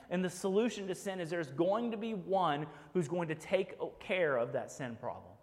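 A man preaching a sermon as pastor, earnest and direct, often checking in with "right?". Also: high voice. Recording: long hall reverb.

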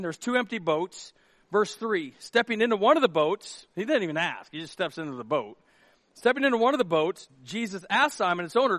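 A middle-aged male pastor delivers a sermon in an animated, joking storyteller's manner. His voice sits fairly high for a man. The sound is dry and close, with little room around it. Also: no echo. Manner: animated, jokey storytelling with acted asides.

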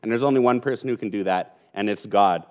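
A man's voice: on the low side, quick pace, a little mellow. A man preaching an earnest sermon, speaking with emphasis and repeating key points. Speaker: pastor.

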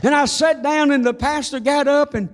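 An older man preaching a sermon, giving his own testimony in a fervent, folksy storytelling manner, slowing down to stress key phrases. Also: very high-pitched, fairly even intonation.

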